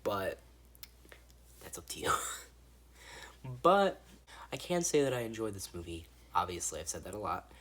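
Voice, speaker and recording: A man's voice: lowish voice, big pitch swings, normal speed, pauses often, fairly bright tone. A man giving a casual, rambling movie review, swearing freely and restarting his sentences. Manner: rambling and profane, with frequent restarts.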